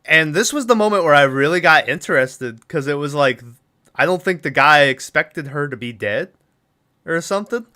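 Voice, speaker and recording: A man's voice: on the high side, lively intonation, normal speed, pushed and bright. A man hosting a podcast, casually retelling a movie's plot and acting out the characters' lines with laughs. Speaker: podcast host.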